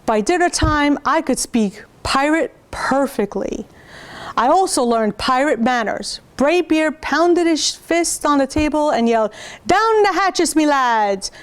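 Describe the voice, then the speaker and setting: High-voiced woman storytime reader; reads picture books aloud to preschoolers and stops to show the pictures. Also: lively intonation. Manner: pauses to point out pictures to listeners.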